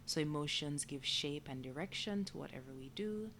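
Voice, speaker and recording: A woman with a Jamaican accent hosting a solo podcast, explaining ideas calmly and repeating her key phrases. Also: sits low, moderate pace, a little hiss or hum. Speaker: podcast host. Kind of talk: solo podcast talk on emotions and healing.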